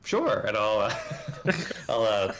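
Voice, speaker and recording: A man's voice: fairly low pitch, very animated, slow pace, fairly bright tone. A man playing a tabletop game, easily describing what his character does. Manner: narrates his own actions, easygoing. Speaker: player. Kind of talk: casual tabletop role-play.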